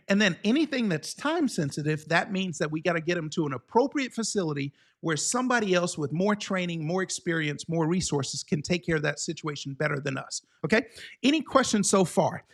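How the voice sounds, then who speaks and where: A man with a high-pitched voice teaches a live online exam-prep class. He talks with lively energy and keeps checking in with the viewers.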